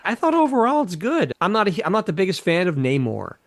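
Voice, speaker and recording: A man chatting casually about a film trailer as a guest, hesitant and measured, often restarting his sentences. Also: high-pitched, wildly swooping pitch. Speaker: podcast guest. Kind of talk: casual chat.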